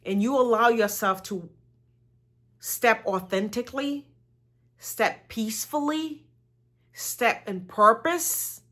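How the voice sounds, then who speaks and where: A woman's voice: a little high, fairly bright tone. A woman giving a motivational talk, earnest and encouraging, repeating phrases for emphasis. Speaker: motivational speaker.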